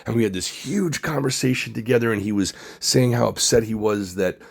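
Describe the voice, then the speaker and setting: A man hosting his own channel, talking in a halting, grieving way with many fillers. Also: mid-range voice, creaky, slightly rough. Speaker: comic artist and director, channel host. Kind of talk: personal tribute vlog.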